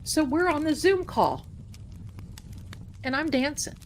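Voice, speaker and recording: Livestream host, woman, slightly high voice, slow and chatty, faint room hum. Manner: chatty, animated, laughing at her own story. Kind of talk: casual storytelling on a livestream. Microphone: desk mic at home.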